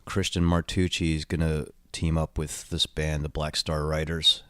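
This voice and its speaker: A man's voice: rumbling low, flat delivery, moderate pace, a bit bright, smooth, no echo. A man talking casually as a guest in an interview, laid-back and swearing freely, repeating his words as he goes. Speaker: touring drummer guest. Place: hotel room.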